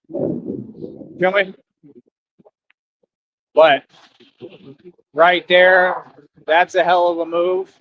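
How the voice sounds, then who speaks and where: A man's voice: fairly high pitch, dry recording. A tired man on a live stream, rambling in a boastful, self-assured way while out in the heat. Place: outdoors. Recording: dry, dull lo-fi sound.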